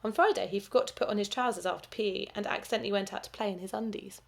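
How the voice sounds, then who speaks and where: Woman, primary school teacher, storytime read-aloud, expressive, whispered asides, mid pitch. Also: racing, creaky.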